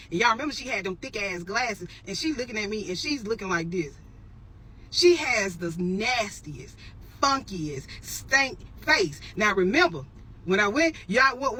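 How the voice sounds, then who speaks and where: Animated woman telling a story straight to camera. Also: on the high side, slightly rough, rough recording. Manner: animated, addresses viewers as y'all, emphatic repetitions. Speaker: storytelling vlogger. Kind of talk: casual storytelling to viewers.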